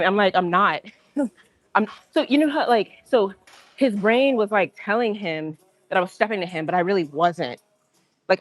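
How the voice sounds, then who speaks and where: A woman telling a story on a livestream in an indignant, animated way, acting out what people said. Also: mid-range voice, brisk, soft background music. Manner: indignant, animated, acts out quotes. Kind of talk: casual storytelling rant.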